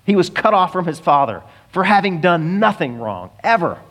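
Animated, fairly high-voiced male preacher. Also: normal speed. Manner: animated storytelling preacher, rising to emphatic peaks. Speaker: pastor. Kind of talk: sermon.

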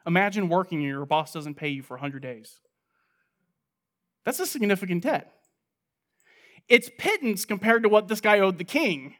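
A man with a fairly high voice preaches an expository sermon with emphatic, pointed delivery. He poses rhetorical questions and answers them himself. He swings from loud stress to hushed, low asides. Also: lively intonation, moderate pace, long pauses.

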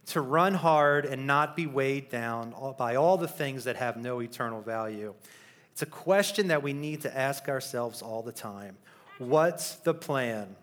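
Man, youth pastor; upbeat storyteller, fairly high pitch, church setting. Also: fairly bright tone. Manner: upbeat storytelling, laughing, rousing questions to the congregation. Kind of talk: church announcement and recap. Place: church sanctuary.

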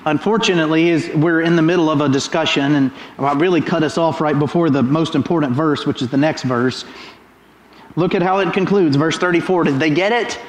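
A middle-aged man preaching a sermon in a church, animated and full of rhetorical questions. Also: a little high, fairly quick. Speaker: pastor. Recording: roomy echoing hall.

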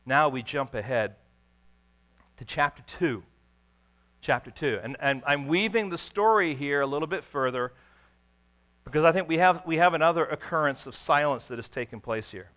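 At a normal pace, a male preacher with a bright, commanding, slightly high voice recounts his sermon stories with drama. His volume swings from near-whispers to sudden shouts, and a faint electrical hum runs underneath.

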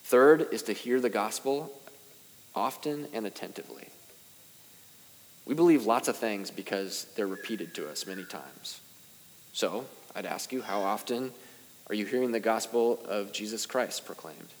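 A man's voice: lowish voice, a little slow, long reverb tail, a little hiss or hum. A young adult male pastor preaching a sermon in a casual, self-deprecating way, with rising emphasis at key points. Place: church sanctuary.

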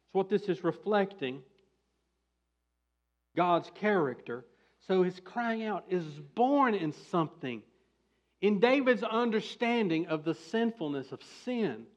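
A man preaching a sermon as pastor, building to emphatic, forceful bursts. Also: high voice, expressive, takes it slowly, muffled recording.

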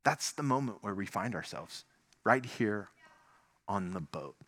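A man preaching a sermon in a conversational, animated way, full of rhetorical questions. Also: lowish voice, unhurried.

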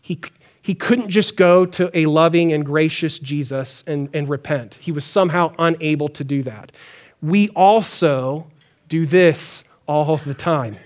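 A pastor preaching a conversational sermon, acting out pleading prayers. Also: male voice, fairly high pitch, a little slow.

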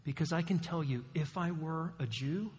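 Guy preaching a sermon, kinda high voice, lots of rising questions, long church echo. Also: normal speed. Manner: animated preaching, rising emphatic questions to the congregation. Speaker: pastor. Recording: long hall reverb.

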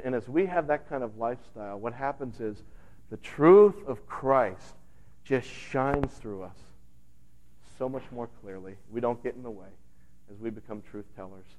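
A man's voice: medium pitch, a little fast. A man preaching a sermon as a pastor, in a conversational way, sometimes acting out voices in the stories he tells. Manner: conversational preaching with animated retelling.

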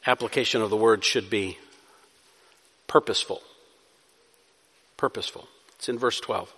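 A man preaching a sermon as pastor, moving between soft, pleading passages and loud, urgent exhortation. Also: fairly low pitch, moderate pace, slightly rough, in a large hall.

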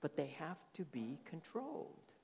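A man's voice: a little high, sing-song, measured pace, vocal fry, mellow. A middle-aged man preaching a sermon as pastor, often checking in with his listeners through rhetorical questions. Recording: reverberant hall.

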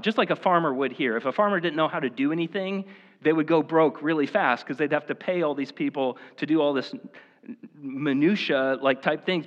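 A man's voice: fairly high pitch, a bit bright. A man preaching a casual, conversational sermon, full of "like" and "you know". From rural Iowa. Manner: casual and chatty, with many "like" and "you know" fillers. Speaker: pastor. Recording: echoey hall, slightly dull sound.

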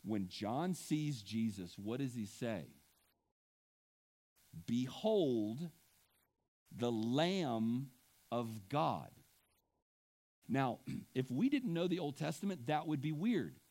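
A man preaching with feeling, in a voice of ordinary middle pitch. He moves between loud, emphatic lines and quiet asides, and keeps clearing his throat. He sounds moved as he leads his congregation. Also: lively intonation, unhurried. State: emotional. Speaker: pastor. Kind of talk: sermon.

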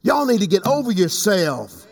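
A man preaching a sermon as pastor. He swings from loud, high passages to quiet low asides and calls on people in the congregation by name. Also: very animated, normal speed, gravelly. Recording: long hall reverb.

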